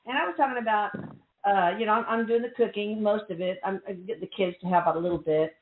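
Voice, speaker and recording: A woman's voice: mid-range voice, fast talker, slight background noise. A middle-aged woman hosting a radio show, chatting casually and rambling with restarts. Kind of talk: casual chat. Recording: echoey, tinny phone-like line.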